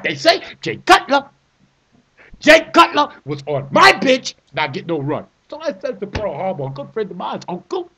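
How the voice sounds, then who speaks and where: A man delivering an animated comic rant, theatrical and repetitive, breaking into shouts. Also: sits high, breathy edge. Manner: theatrical, repeats phrases, shouts in bursts. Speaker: vlogger ranting about a fantasy football trade.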